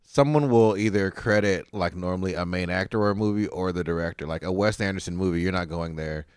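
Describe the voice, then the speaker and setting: A man co-hosting a podcast in casual chat, laid-back but bursting out loud when worked up. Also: deep voice, quick pace, smooth, dry recording, clean studio sound. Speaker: podcast co-host.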